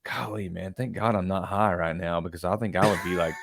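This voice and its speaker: Laid-back low-voiced man, dry close sound. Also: steady tone, a little fast, creaky, dry recording. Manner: rambling, profane, trails off quietly. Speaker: podcast co-host. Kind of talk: casual film discussion.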